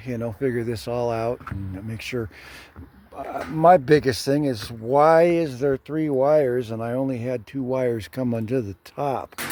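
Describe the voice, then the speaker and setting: An older man with a mid-range, slightly mellow voice talks through his own hands-on work outdoors at a well. He's a handyman vlogger, casual and plainspoken, thinking aloud as he works and breathing hard while he speaks.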